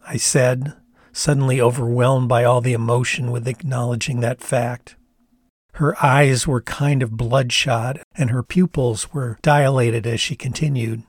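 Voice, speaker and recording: An older man from the United States reading his memoir aloud in a measured, reflective storytelling manner. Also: mid-range voice, fairly even intonation, breathy edge, no echo, studio quality. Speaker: author and narrator. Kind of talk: memoir narration read aloud.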